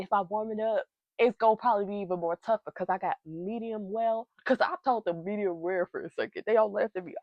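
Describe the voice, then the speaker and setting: A young beauty vlogger chats casually with viewers in a makeup vlog, hyper and giggly, rambling from one thing to the next. Her voice is fairly high, recorded on a wireless receiver mic that sounds dull but has no echo.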